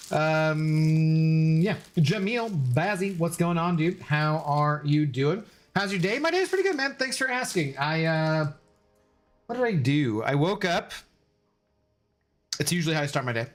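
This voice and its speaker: A man live-streaming from home, chatting casually with his viewers, greeting them by name and joking around. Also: on the high side. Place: home room.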